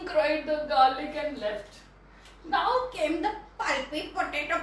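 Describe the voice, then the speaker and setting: A woman storyteller narrating a children's story in an animated, playful way, with an Indian English accent. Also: sits high, measured pace, a little hiss or hum. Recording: echoey room from a distance.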